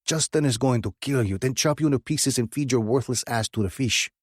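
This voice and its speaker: A man voicing a gruff adult male biker who talks in a blunt, growling, threatening way in an audiobook. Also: medium pitch, a little fast, no echo, studio quality, voice pushed up, natural voice. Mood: furious.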